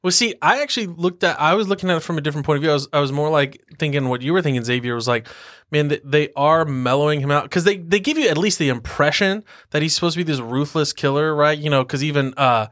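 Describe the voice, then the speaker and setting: A man co-hosting a podcast in casual chat, animated, who hums theme tunes and swears freely. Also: on the high side, fast talker. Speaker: podcast co-host.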